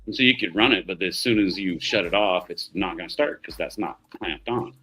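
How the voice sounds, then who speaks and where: Middle-aged male streamer, low-pitched, profane, easygoing storyteller, faint music underneath. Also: a little fast, sharp tone. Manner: profane, rambling storyteller who laughs often. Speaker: livestream host. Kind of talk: casual chat.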